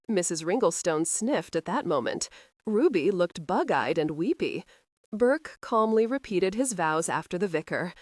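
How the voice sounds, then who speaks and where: A woman narrating a romance audiobook in a measured storytelling manner. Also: fairly low pitch, big pitch swings, no room sound, clean studio sound. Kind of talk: scripted narration.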